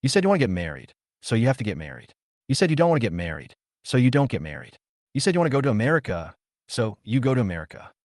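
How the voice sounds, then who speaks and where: A man's voice: mid-range voice, very animated, rapid-fire, dry recording, clean studio sound, close to an everyday voice. A man voicing a bitter, resentful young street vendor.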